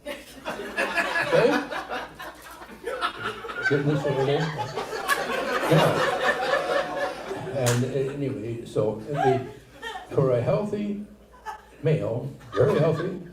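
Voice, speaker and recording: An older man performing a stand-up comedy set in a small venue, with a rambling, halting delivery full of asides. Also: fairly high pitch, big pitch swings, a loud crowd. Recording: echoey room, distant mic, loud ambience. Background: audience laughter.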